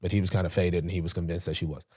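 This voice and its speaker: A man's voice: deep voice, very fast, slightly rough. A man in his twenties, a football player guest, telling a story in casual chat and acting out the lines of the people in it. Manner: animated, acts out quoted dialogue, many fillers.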